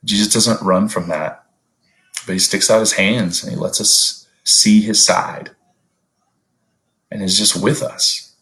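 A man preaching a sermon in an earnest, conversational way, often rising in pitch to stress a point. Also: steady tone, slow pace, pauses often, bright, forceful tone, rough recording.

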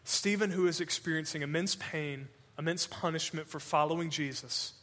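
A man preaching a sermon as pastor, swinging between urgent loud passages and hushed, slow emphasis. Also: a little high. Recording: long hall reverb.

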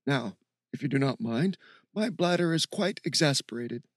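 A man's voice: medium pitch, expressive, moderate pace, no echo, natural voice. Brief: male narrator doing a mock-formal stuffy professor, storybook read, dry close sound. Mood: mock-pompous. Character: stuffy pompous male professor put on by a joking young man.

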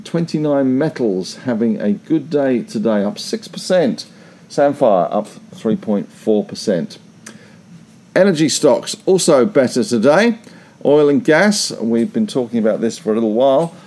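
An Australian man delivers a daily stock market wrap-up in a brisk, breezy style, with folksy asides between the figures. His voice sits at a middle pitch with a warm, mellow tone. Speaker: market reporter.

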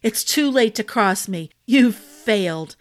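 A woman's voice: medium pitch, expressive, slow pace. A woman voicing a spiteful young king who growls and snaps his words. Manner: growling, clipped and forceful.

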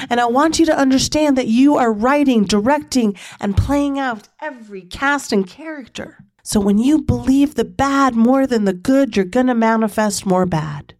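A woman hosting a motivational podcast, talking emphatically and with profanity, leading chanted affirmations. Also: on the high side. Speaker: podcast host.

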